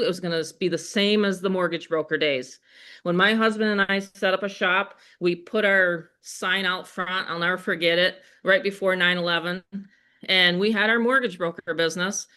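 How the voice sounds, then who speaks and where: A middle-aged woman with a Western New York accent, hosting a live webinar in an energetic, chatty way and talking straight to her audience. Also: fairly low pitch, clear, resonant tone. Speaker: webinar host. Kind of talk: live sales webinar chat.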